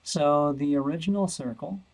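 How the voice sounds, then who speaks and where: A man's voice: fairly high pitch, normal speed, darkish tone, rough recording. A man teaching a math lesson over a screen recording, thinking aloud and repeating words as he searches.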